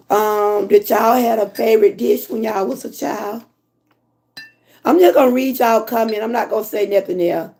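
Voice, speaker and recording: A hoarse woman from Georgia with a Southern accent, chatting casually with her livestream viewers and reading their comments. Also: a little high, a little mellow. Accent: Southern American. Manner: chatty, drawn-out, talks to viewers as y'all. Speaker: livestream host.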